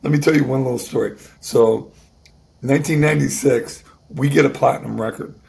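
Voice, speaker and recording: Guy in his 60s, really gravelly creaky voice, stops and restarts a lot, faint noise behind. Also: medium pitch, darkish tone. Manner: halting, with restarts and repeated words. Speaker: guest musician. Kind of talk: emotional personal storytelling.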